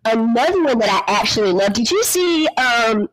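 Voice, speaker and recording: A woman's voice: moderate pace, faint music behind, poor audio. A middle-aged woman co-hosting a casual chat, acting out quotes with big swings in her voice. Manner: animated, acts out quotes with big pitch jumps. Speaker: podcast co-host.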